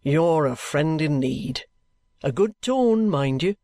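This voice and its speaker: A man voicing a genial, ingratiating middle-aged male detective who talks in a slow, coaxing, colloquial way. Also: a little high, expressive, darkish tone.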